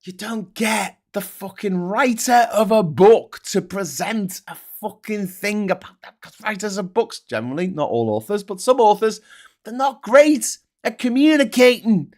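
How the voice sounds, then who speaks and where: A man's voice: high-pitched, a little slow, a little mellow. Sweary, sarcastic male show host. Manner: sweary, sarcastic, openly vexed. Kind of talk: casual commentary on newspaper headlines.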